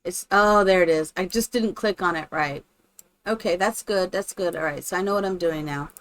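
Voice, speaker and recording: A woman's voice: on the low side, normal speed, fairly bright tone. A woman live-streaming, chatting casually and thinking aloud while she builds in a game, greeting her viewers by name.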